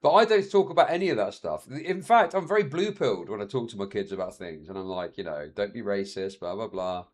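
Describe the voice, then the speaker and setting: A man's voice: mid-range voice, fast talker, hardly any pauses. A man in his thirties chatting casually on a live stream, telling stories with frequent laughs and swearing. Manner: chatty, laughs often, swears, animated storytelling.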